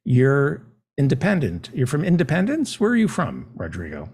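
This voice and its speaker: A man hosting a comedy talk show, joking in a deadpan, mock-naive way. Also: medium pitch, normal speed, slightly rough. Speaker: show host.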